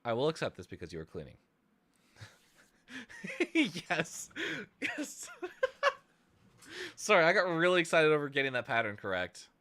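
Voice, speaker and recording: Lively bright-voiced man thinking aloud. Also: mid-range voice, rapid-fire. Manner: thinks aloud, hesitant restarts, sudden excited outbursts. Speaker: streamer making music. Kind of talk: casual live-stream chat while producing music.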